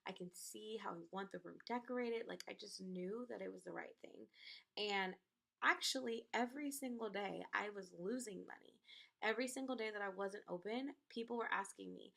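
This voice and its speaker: A young woman vlogger telling stories in a casual, animated chat to the camera. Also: mid-range voice, normal speed, creaky. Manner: animated storytelling, acts out quoted people.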